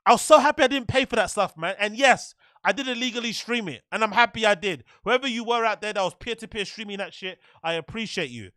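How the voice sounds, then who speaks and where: A show host with a high, bright, forceful voice rattles off ranting commentary fast, with hardly any pauses. He swears in exasperated bursts and repeats himself, captured in a dry, clean studio recording.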